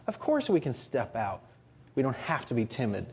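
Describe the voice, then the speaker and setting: A man's voice: medium pitch, wildly swooping pitch, normal speed, slightly rough. A man preaching a sermon, earnest and building to emphatic rhetorical questions.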